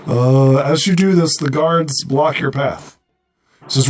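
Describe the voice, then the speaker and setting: A man's voice: medium pitch, takes it slowly. A man narrating a tabletop game as game master, hesitant and full of fillers.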